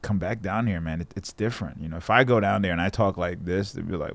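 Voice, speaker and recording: A man in his thirties from Jamaica speaks in a fairly low voice, recorded dry and close. He talks reflectively as a guest in a casual chat and slips into the voices of people he quotes. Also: fast talker, creaky, no room sound. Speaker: guest fighter.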